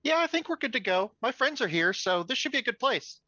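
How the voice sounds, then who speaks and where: Tabletop player, lively pitch, bright voice, short playful replies. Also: a little fast, no echo, highs cut off. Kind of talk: casual game chat.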